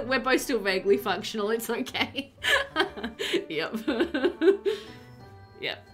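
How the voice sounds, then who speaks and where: A woman's voice: fairly high pitch, sing-song, slow pace, faint music behind. A young woman chatting casually on a livestream as a streamer and new mum, talking in a chatty, giggly way with lots of fillers. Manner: chatty and giggly, many fillers like "like" and "um", reads chat aloud. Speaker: game streamer and new mother.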